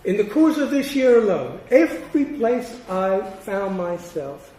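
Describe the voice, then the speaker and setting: An older male professor lectures in a fairly high voice, stressing his points with measured, deliberate pauses. He sounds set back from the microphone in a roomy hall, with a faint hiss underneath. The delivery is that of an academic lecture. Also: big pitch swings, mellow, distant mic.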